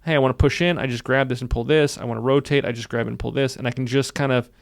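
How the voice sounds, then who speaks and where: In this screen-recorded tutorial, an upbeat software instructor moves quickly, often saying lines twice while narrating his clicks. His gravelly voice is mid-range with fairly even intonation. The audio is close and dry, without any room ambience.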